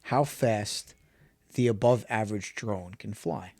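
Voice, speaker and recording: A man's voice: lowish voice, slow, creaky, darkish tone, no room sound. A man co-hosting a podcast, telling stories in casual chat and asking "you know what I mean". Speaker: podcast co-host.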